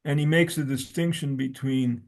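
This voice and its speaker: A man's voice: mid-range voice, steady tone, moderate pace, a little mellow. A man talking as a guest scholar, reading from his own essay and quoting sources, often restarting his sentences.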